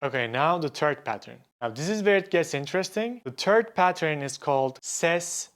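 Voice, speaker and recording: A male language teacher, a native speaker of Turkish, explaining patiently and repeating example words slowly in an online lesson. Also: fairly high pitch, expressive, a bit bright.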